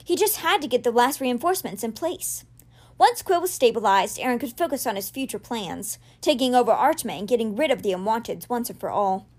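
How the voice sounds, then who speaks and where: A woman hosting a podcast, reading a children's novel aloud with expressive storytelling. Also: a little high, a little fast. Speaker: podcast reader.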